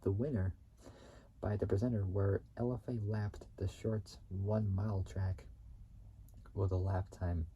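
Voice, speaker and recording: A man reads car facts for his own video in a very low, dark, mellow voice. He stumbles often, restarting and repeating phrases before correcting himself. A faint hiss sits under the recording. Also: fairly even intonation, a little slow, muffled recording. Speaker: YouTube channel host.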